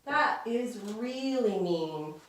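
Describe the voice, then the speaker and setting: A woman leading a children's church lesson, speaking gently and simply and asking the kids questions. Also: fairly high pitch, lively intonation, drawn-out words, heavy reverb, far from the mic. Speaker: children's Sabbath school teacher.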